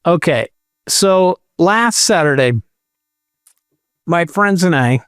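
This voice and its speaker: A man with a smooth, clear voice, a touch higher than most, chats as a podcast co-host. He rambles in a jokey, animated way. The sound is dry and close. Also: takes it slowly, no echo. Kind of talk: casual chat.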